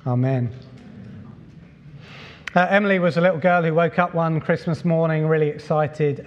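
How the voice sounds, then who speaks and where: A middle-aged man preaching a sermon as pastor, relaxed and conversational, with many fillers and repeats. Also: fairly high pitch, lo-fi sound. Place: church hall. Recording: long reverb from a large hall.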